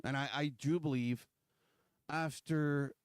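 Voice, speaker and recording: A man, hosting a livestream in casual, animated political talk full of sarcasm and restarts. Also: on the high side, takes it slowly, clear, resonant tone, no room sound, studio quality. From Quebec, Canada. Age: 40s.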